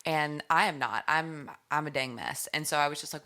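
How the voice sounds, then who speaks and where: A young woman, a musician guest on a podcast interview, telling animated stories and acting out quotes. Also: low-pitched, normal speed. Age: young adult. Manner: animated storytelling, acts out quotes.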